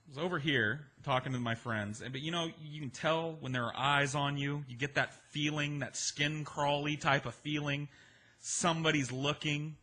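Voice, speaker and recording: A man's voice: a little high, normal speed. A man telling a personal story in a casual, conversational way, swearing freely. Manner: conversational, profane, animated in places.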